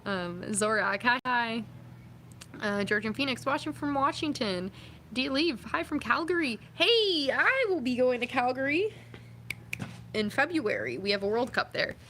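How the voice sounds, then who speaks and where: A woman's voice: fairly high pitch, very animated, moderate pace, pushed and bright, a little hiss or hum. A young woman vlogging, chatting casually and reading out viewer comments, upbeat and full of fillers. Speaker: vlogger and athlete.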